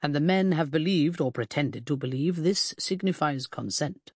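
A woman reading an audiobook, voicing a pedantic Victorian gentleman detective who speaks slowly and precisely with cold condescension. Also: low-pitched, lively intonation, breathy edge, dry recording, studio quality. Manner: slow, precise, clipped, condescending. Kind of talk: audiobook character voice.

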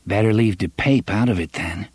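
Gruff hired gunman, low and muttering, man voicing him. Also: normal speed, darkish tone, no room sound, studio quality. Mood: grim, blunt. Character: rough male hired gunman, blunt and scornful.

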